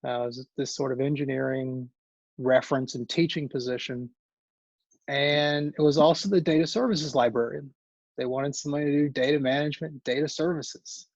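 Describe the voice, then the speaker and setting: A man's voice: medium pitch, steady tone, brisk, no echo. Man rambling about his career, muffled. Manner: rambling, self-correcting storytelling. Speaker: guest speaker, engineering librarian. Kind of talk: informal career talk. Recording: dull lo-fi call audio.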